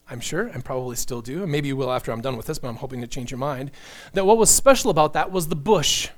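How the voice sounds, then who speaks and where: Earnest man preaching a sermon. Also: a little high. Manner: earnest, animated preaching with asides. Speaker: pastor.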